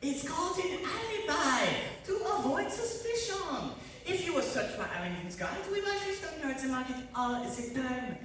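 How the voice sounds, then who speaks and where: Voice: medium pitch, sing-song, moderate pace, a bit bright. A performer playing a scheming chef who puts on a bad French accent, with hammy, evasive delivery. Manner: hammy, evasive, nervous laughter. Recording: echoey room, distant mic, faint noise.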